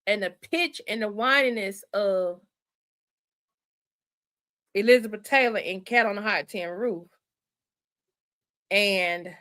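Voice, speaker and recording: A woman hosts a loose, chatty livestream with a bright, ringing voice. She thinks out loud, backtracks, and keeps turning to her viewers as y'all and honey. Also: mid-range voice. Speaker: livestream host. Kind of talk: casual livestream chat with viewers.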